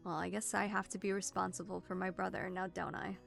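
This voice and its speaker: A woman voicing a calm, patient male priest who speaks in a mild and even way in a tabletop game. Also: medium pitch, a little fast, creaky, soft background music. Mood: resigned.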